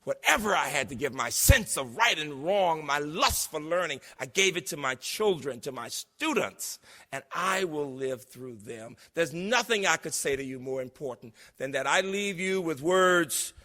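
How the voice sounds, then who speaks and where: Older man in his 60s, keynote speaker, high and bright voice, animated storyteller, reverberant hall. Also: moderate pace. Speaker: keynote speaker, university president. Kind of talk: conference speech. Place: large lecture hall. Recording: long reverb of a large hall.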